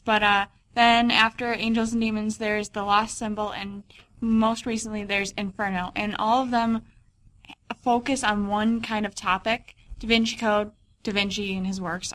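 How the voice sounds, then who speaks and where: A woman's voice: medium pitch, fairly bright tone. A young woman co-hosting a book podcast, explaining an author's books in a rambling, casual way. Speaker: podcast co-host. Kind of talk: casual chat.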